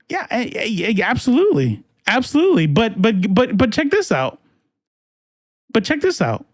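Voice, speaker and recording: A man's voice: very high voice, huge pitch swings, moderate pace, no echo, studio quality. A man doing casual live-stream political commentary, reading chat and ranting in a heated, profane, rambling way with many restarts.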